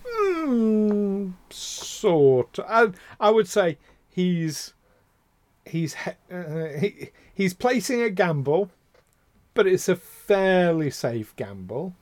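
A man's voice: high voice, sing-song, extremely slow, a little mellow, no echo. Heated rambling man, dry sound. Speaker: podcast co-host. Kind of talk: casual chat.

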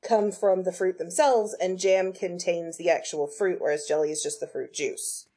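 A woman's voice: lowish voice, fairly even intonation, moderate pace, mellow, husky. A woman chatting as a podcast guest, explaining things patiently and laughing easily. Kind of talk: casual chat.

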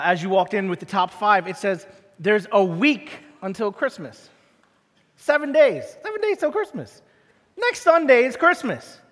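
A man preaching a sermon as pastor, telling stories and acting out the dialogue in them. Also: high-pitched. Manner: animated storytelling, acts out dialogue. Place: church auditorium. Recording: long hall reverb.

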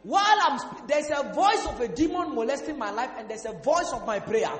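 A male pastor preaching a sermon, asking the congregation questions and breaking into sudden shouts. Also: very high-pitched, animated, fairly quick. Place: church hall. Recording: echoey hall with faint music.

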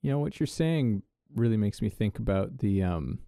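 A man's voice: lowish voice, expressive, normal speed, creaky, dark tone, no echo, clean studio sound. A man in casual conversation, listening and responding thoughtfully.

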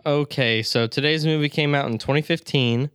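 Laid-back man with a smooth voice. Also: a little high, normal speed, a bit bright, no echo, studio quality. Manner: laid-back, swears casually, laughs easily. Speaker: podcast co-host. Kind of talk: casual chat.

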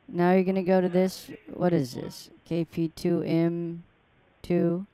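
A woman's voice: lowish voice, level tone, a little slow, dark tone, clean tone. An older woman baiting a scammer on a prank phone call, mocking and taunting him crudely. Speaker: scam baiter on a call.

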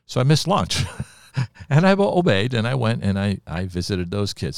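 A man from Ohio telling a personal testimony on a podcast, in an animated storytelling manner and chuckling often. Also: lowish voice, moderate pace, vocal fry, no room sound, clean studio sound. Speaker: preacher sharing his testimony.

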